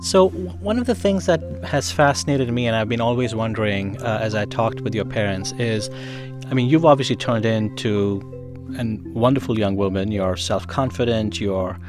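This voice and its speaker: A man hosting a radio feature, narrating a guest's story in a measured way and asking her questions. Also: fairly low pitch, music in the background. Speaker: radio show host and interviewer. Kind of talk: scripted narration with interview questions.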